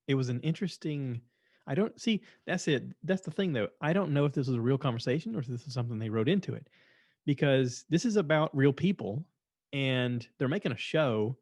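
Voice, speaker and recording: Male podcast host, casual rambling monologue, mid-pitched, dry close sound. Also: a little mellow, no room sound. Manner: rambling, repeats himself, chatty and opinionated. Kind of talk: casual monologue reviewing shows.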